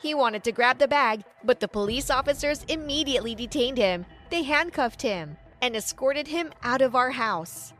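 High-voiced woman narrating a story. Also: animated, normal speed, few pauses, a bit bright, soft background music. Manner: dramatic storytelling, quotes voiced lightly. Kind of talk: first-person story narration.

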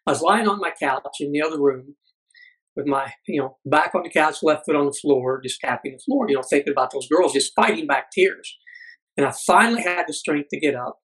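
A middle-aged man, a podcast guest, telling a personal story earnestly, halting with many fillers. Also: a little high, fairly bright tone, husky, low-quality recording.

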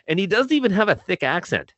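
A man's voice: high voice, very animated, quick pace, fairly bright tone, no room sound. A man co-hosting a casual chat over a video call, telling stories with a lot of swearing and laughter. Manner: profane, laughing storyteller. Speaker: podcast co-host.

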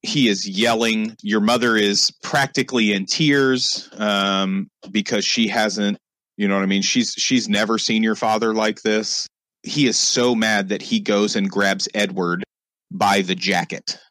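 A man's voice: on the low side, fairly even intonation, unhurried, a bit bright, dry recording. A man narrating as game master, rambling with many fillers and repeated asides.

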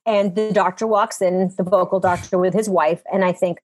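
A woman, a comedian guest and mother, telling a story in casual, animated comedic chat. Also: mid-range voice, moderate pace, soft background music. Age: adult with young children. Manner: animated, acts out people in her stories.

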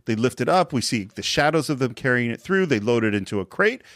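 A man's voice: mid-range voice, lively intonation, fast, a bit bright, no echo, clean studio sound. A man hosting a podcast in casual chat, telling the story enthusiastically. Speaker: podcast host.

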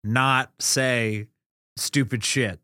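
A man's voice: mid-range voice, fairly even intonation, drawn-out words, bright, forceful tone, clean tone, dry recording, studio quality. A man co-hosting a casual comedy podcast who teases his co-host with wry interjections.

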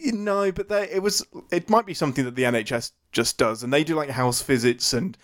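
A man's voice: a little high, a little fast, fairly bright tone. A young man co-hosting a podcast, telling a story in casual chat and laughing often. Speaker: podcast co-host.

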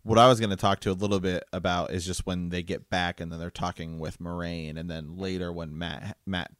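A man with a very low voice reads passages from a novel during a relaxed chat, often laughing. The recording is dry and close. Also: brisk, no room sound. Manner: laughs while reading, loose and chatty. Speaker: book discussion co-host. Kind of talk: casual chat reading aloud from a novel.

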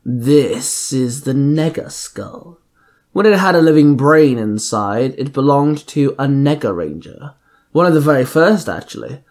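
A man's voice: medium pitch, expressive, unhurried, darkish tone, lightly acted. A man voicing an arrogant god-king villain who scolds and commands. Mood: scornful. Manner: scornful, commanding.

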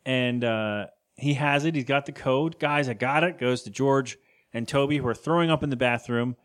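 A man's voice: medium pitch, moderate pace, clean tone. Rambling, joking podcast co-host man. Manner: rambling, joking, laughs often. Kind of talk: casual chat recapping a cartoon episode.

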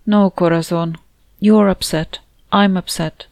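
A woman reading a warm, motherly woman in an audiobook, who speaks gently and soothingly to a grieving friend. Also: on the low side, steady tone, unhurried, gravelly, dry recording. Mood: comforting.

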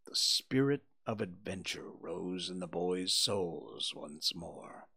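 A man narrating a novel in a measured way, dropping to a hush at tense moments. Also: deep voice, lively intonation, breathy edge. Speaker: audiobook narrator.

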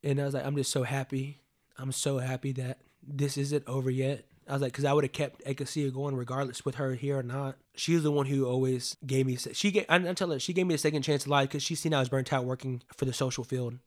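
A man's voice: mid-range voice, steady tone, fast talker, darkish tone. A man in his late twenties telling a personal story in a casual, rambling way, leaning on "like" and swearing freely. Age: 20s.

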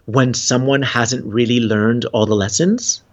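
In a mid-range, fairly even voice, a man speaks unhurriedly as a podcast guest in a casual conversation. He rambles and laughs a lot while earnestly discussing relationships and spirituality, and the audio is dull and lo-fi.

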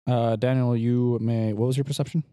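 A man's voice: mid-range voice, steady tone, brisk, dark tone, clean tone, dry recording. A man running a tabletop game as game master, calling for dice rolls and narrating with dry asides.

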